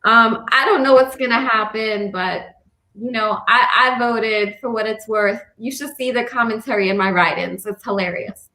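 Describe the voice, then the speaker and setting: A woman's voice: fairly high pitch, moderate pace, sharp tone, echoey room. A woman on a video call, speaking in a rambling, heartfelt way with many fillers. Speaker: campaign supporter. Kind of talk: casual video call chat.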